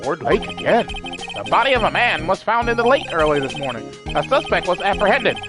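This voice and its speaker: A woman's voice: on the low side, very animated, brisk. A woman voicing a male TV news anchor in a formal newsreader delivery, with game music behind. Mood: urgent.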